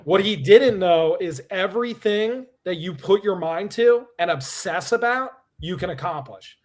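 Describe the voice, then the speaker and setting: A man with a noticeably high voice gives a motivational speech. He speaks emphatically and drives his points home by repeating them. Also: expressive, measured pace. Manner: emphatic, repeats key phrases.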